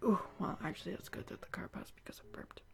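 A woman's voice: fast talker, darkish tone. A young woman recording at home, talking casually, swearing and mocking herself, often dropping into whispered asides. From Ireland. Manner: swears a lot, self-mocking, drops to a whisper. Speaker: voice performer. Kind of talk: casual self-recording vlog. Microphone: studio mic at home.

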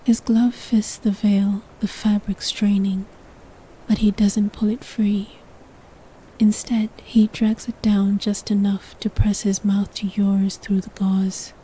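A woman tells a sensual story straight to the listener in a whispered role-play. Her breathy, mellow whisper moves slowly and stays level, with little rise or fall. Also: medium pitch, little pitch movement, low-quality recording. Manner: second-person storytelling, hushed and sensual. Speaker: narrator.

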